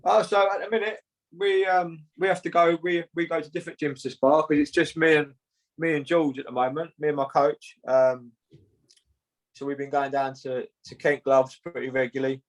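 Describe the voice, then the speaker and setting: A young man, a boxer chatting casually in an interview, laid-back and halting, often saying "mate" between fillers. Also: on the high side, little pitch movement, low-quality recording.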